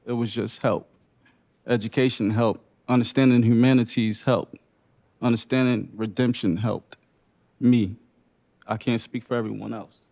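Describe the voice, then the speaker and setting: A young man speaking unscripted at a public briefing, sharing his own story in short, halting, emotional phrases. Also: medium pitch, a little mellow. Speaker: panelist sharing lived experience. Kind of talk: unscripted personal testimony at a briefing.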